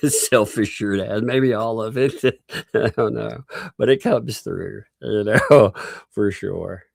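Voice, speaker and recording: Southern man hosting a livestream, low voice, slow self-assured drawl, breaks into laughter a lot, dry close sound. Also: vocal fry, dry recording. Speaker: livestream host. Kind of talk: casual livestream commentary.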